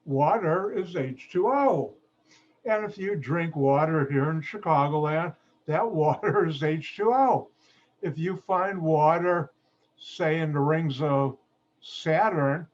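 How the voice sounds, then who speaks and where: A man teaching a chemistry class over a video call, with a playful, jokey manner and frequent asides. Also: a little high. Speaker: chemistry instructor. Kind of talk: online lecture. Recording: muffled video call audio.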